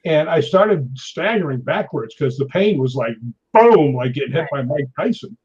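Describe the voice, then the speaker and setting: Husky-voiced man in his sixties, telling stories. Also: on the high side, normal speed. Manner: animated storyteller acting out quoted voices. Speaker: guest. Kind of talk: storytelling in an interview. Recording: dull lo-fi audio.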